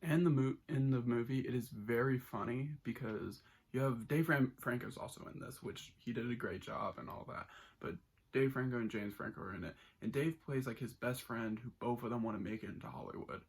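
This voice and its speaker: A man's voice: medium pitch, brisk, husky. A man giving a casual, enthusiastic spoken movie review, rambling with many restarts.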